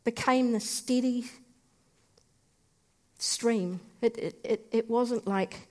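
In a slightly high voice, a woman shares a personal faith testimony, earnest and heartfelt, speaking in short, halting phrases.

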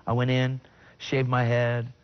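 A middle-aged man telling his personal faith testimony in conversation. He speaks earnestly and with feeling, and his voice jumps high in sudden bursts when he quotes himself. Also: completely flat delivery, a little slow, smooth, lo-fi sound. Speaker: guest sharing his testimony.

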